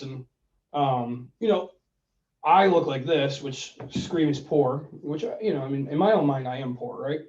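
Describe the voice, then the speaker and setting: Male co-host, animated storyteller, off-mic with a dull, roomy sound. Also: medium pitch, measured pace, recorded from a distance. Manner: animated storyteller, acts out phone calls. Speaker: podcast co-host giving money advice. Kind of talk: casual chat.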